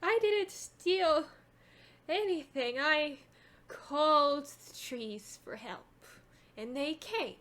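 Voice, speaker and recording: A woman's voice: sits high, slow, fairly bright tone, pitched above the performer's own voice. A woman voicing a crazed, gaunt old hermit woman dressed in moss, speaking defensively.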